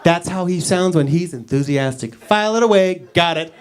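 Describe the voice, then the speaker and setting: A man's voice: high-pitched, moderate pace. A man doing a stand-up comedy set in a club, acting out little scenes with silly voices. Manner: animated, acts out characters with silly voices.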